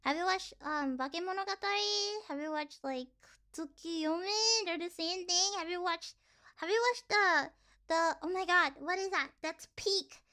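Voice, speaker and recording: Super high squeaky young woman rambling on stream, crisp bright tone, lots of "like"s and little whispery sighs. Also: measured pace. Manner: rambling, filler-heavy, animated ranting; drops to sighs and soft whispers between points. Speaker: vtuber streamer. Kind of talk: casual stream chat.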